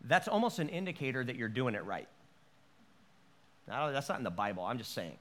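A man preaching a sermon, animated, with stammered restarts and acted-out quotes. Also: mid-range voice, brisk. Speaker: pastor.

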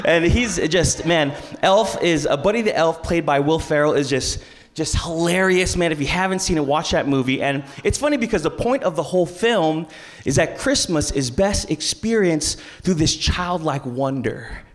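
A pastor in his thirties leads a family-style church service, his voice sitting high for a man. He keeps it playful and lively, teasing the congregation and pulling answers out of them before sliding into the sermon. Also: moderate pace. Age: 30s. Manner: lively, playful crowd work with call-and-response. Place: large church auditorium.

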